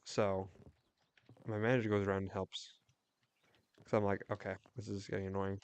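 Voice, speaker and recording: A young man chatting casually while livestreaming a game, telling a rambling story with quick restarts. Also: on the low side, little pitch movement, smooth. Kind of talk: casual chat while gaming.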